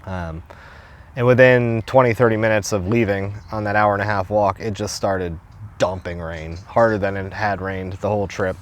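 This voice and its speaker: A young man from New York tells a travel story in a slightly low voice. His talk is casual and full of fillers, with plenty of swearing and laughter. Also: fairly even intonation, normal speed. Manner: loose and profane, laughs often, lots of fillers. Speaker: hitchhiker telling a travel story.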